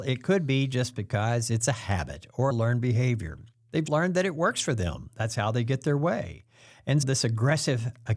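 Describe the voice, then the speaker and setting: A man hosting a self-help talk, explaining things in a calm way and acting out the quoted pressure lines. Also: medium pitch. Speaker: host.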